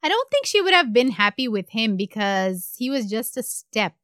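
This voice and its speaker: A woman from India hosting a podcast, telling a true crime story in an animated, conversational way. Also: on the high side, moderate pace, dry recording, clean studio sound. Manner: animated, conversational, trailing off at phrase ends. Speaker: podcast host.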